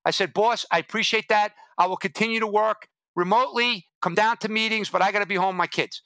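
Middle-aged male guest, fiery anecdote teller, voices others' lines, forceful tone, very dry close sound. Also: high voice, fast, no room sound. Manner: animated and blunt, acts out quoted dialogue. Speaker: podcast guest, former drug agent. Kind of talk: anecdotal storytelling in a podcast interview.

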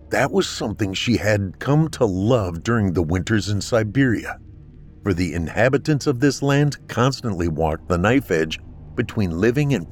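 A man steadily narrating a scripted horror story in a measured storytelling voice. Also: fairly low pitch.

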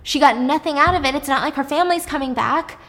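A young woman casually recapping a film's plot in animated detail, swearing freely as she goes. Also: sits high, quick pace, long reverb tail.

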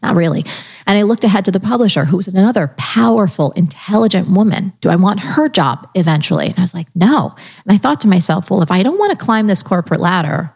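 Woman, middle-aged, slightly low voice, casual storytelling, animated, quotes herself. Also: gravelly, breathy edge. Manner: animated, acts out her own inner voice and quotes. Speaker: guest telling her life story.

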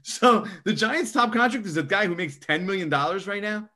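A young man giving casual sports podcast analysis, emphatic and animated, often tacking on "okay?". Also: sits high, normal speed. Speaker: co-host.

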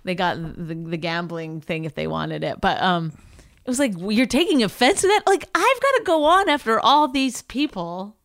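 A woman's voice: mid-range voice, animated, moderate pace, fairly bright tone. Rambling woman comic telling stories. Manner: rambling storytelling with many restarts and quoted voices. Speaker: stand-up comedian, podcast co-host. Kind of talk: casual chat.

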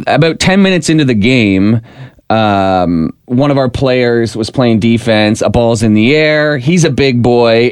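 A young adult man co-hosting a podcast, telling a story in a casual, animated way and acting out shouted lines. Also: medium pitch, clear, resonant tone, dry recording, studio quality. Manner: animated, mimics shouted voices in anecdotes. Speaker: podcast co-host.

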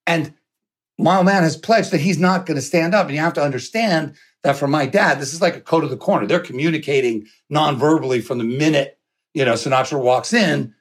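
A middle-aged man telling a long anecdote with lively energy, swearing and laughing as he goes. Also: a little high, a little fast, breathy edge. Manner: animated, swearing, laughing storyteller. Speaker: podcast guest. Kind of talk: storytelling anecdote.

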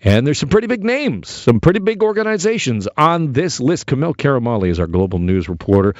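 A man's voice: medium pitch, very animated, brisk, darkish tone, dry recording, highs cut off. A middle-aged man, hosting a talk radio show in a jokey, theatrical monologue.

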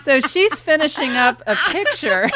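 A woman's voice: sits high, sing-song, moderate pace, pushed and bright, slight background noise. A woman guest telling a comic story on a talk show in a dry, self-mocking way.

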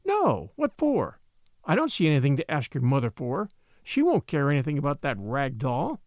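A man's voice: a little high, huge pitch swings, normal speed, a little mellow, dry recording, studio quality. A man doing a stubborn little country girl. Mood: defiant. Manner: stout, curt replies.

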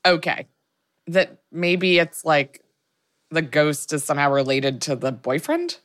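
A woman's voice: low voice, sing-song, dry recording, clean studio sound. A woman co-hosting a podcast, reacting with short replies and playful guesses. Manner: quick reactions, laughs and guesses. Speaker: podcast co-host. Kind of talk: casual chat.

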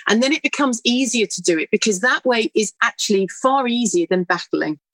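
A middle-aged woman, a guest telling stories in an earnest, animated way. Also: fairly high pitch, brisk, no echo. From United Kingdom. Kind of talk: conversational interview answer.

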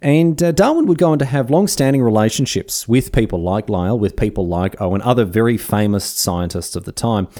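An Australian man narrates history for his podcast in a mellow, relaxed voice that swoops up and down with a lot of energy. He keeps it cheeky and full of slang, and slides into mock-indignant rants. The delivery stays casual and comic rather than scholarly. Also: on the low side, a little fast, few pauses.

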